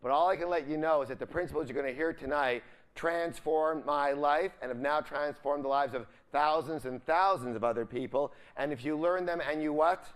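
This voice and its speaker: A man's voice: fairly high pitch, a little fast, clear, resonant tone. A man giving a live seminar, full of upbeat energy, constantly asking the audience questions and leaving the ends of his sentences for them to fill in. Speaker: seminar speaker.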